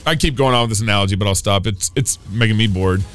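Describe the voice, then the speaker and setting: A man's voice: on the low side, fast talker, fairly bright tone, faint music behind. A man hosting a comedy podcast, rambling playfully and poking fun at himself. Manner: playful, rambling, self-mocking. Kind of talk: joking commentary.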